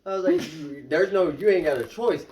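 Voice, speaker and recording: A man's voice: high voice, fairly quick, darkish tone, roomy sound, slight background noise, rough recording. A young man, casually telling funny stories and laughing through them. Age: 20s. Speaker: storyteller. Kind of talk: casual storytelling.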